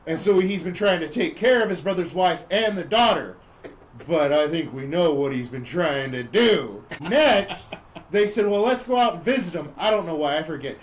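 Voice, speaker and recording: A man hosting a podcast, casually retelling a movie plot in a rambling, animated way and acting out the characters' lines. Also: high voice. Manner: rambling, animated storyteller who acts out quotes. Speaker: podcast host.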